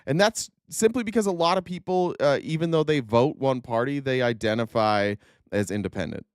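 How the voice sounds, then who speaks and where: A man's voice: mid-range voice, lively intonation, fairly quick, no echo, clean studio sound. A man giving blunt, sarcastic political commentary on a live stream, swearing freely and restarting his sentences often. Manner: rambling with frequent restarts and laughs.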